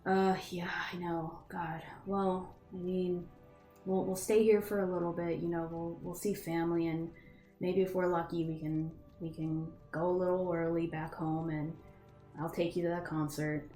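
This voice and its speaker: A woman's voice: on the low side, level tone, normal speed, warm tone, reverberant, soft background music, lightly acted. A woman doing a weary young traveler man.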